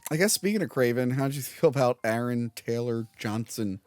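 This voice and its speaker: Podcast co-host, animated movie rant, very lively pitch, dry sound. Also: dry recording. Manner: animated, ranting, quick to laugh. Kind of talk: casual movie review chat.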